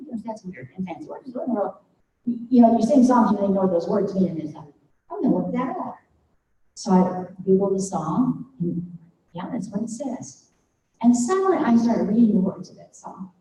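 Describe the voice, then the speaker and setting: A woman's voice: mid-range voice, dark tone, a little hiss or hum. Earnest older woman in a distant echoey hall. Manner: earnest, halting, emotional. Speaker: speaker at a faculty development day. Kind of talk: devotional talk. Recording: distant, muffled hall recording.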